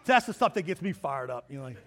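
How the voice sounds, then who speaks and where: High-voiced lively man preaching. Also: fast talker, some chatter behind. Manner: lively, joking preacher who acts out quotes. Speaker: pastor. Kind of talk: sermon.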